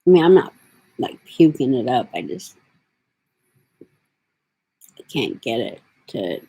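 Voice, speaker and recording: A woman's voice: rumbling low, big pitch swings, slow, warm tone, breathy edge, poor audio. A middle-aged woman talking to her camera in a rambling, casual way, drifting from thought to thought with lots of fillers. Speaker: vlogger. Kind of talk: casual vlog talk.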